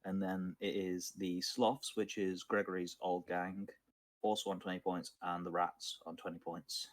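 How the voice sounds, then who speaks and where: Man, low pitch, flat halting game-master narration, lots of ums. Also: no room sound. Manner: halting, many ums and uhs, self-described monotone. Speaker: dungeon master. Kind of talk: narrating a tabletop game recap.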